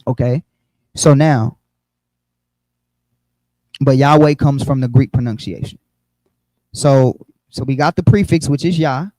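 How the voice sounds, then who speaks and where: A man's voice: medium pitch, a little slow, pauses often, dark tone, no room sound, rough recording. A man teaching a Bible lesson on a livestream, explaining step by step and checking in often with "okay?" and "right?", with frequent fillers. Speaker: religious teacher.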